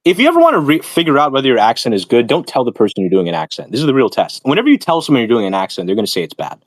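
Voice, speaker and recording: The stream's host fires off words rapidly in a mid-range voice that swings hugely in pitch. He chats about academia and philosophy in a rambling, tangent-prone, lecturing manner full of fillers, and there's no room sound.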